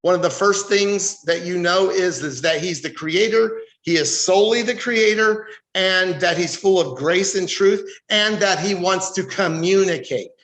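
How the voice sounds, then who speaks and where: A man's voice: sits high, unhurried, few pauses, a bit bright. An American man teaching a Bible study in a sermon style, emphatic, reading scripture aloud and asking rhetorical questions. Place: church hall. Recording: echoey room.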